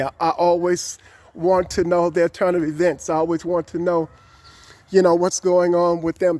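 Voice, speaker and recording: A man's voice: on the high side, a little mellow, no room sound. A man talking to camera in a rambling, encouraging way, with many fillers, recorded outdoors. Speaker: vlogger. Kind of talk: casual talk to camera.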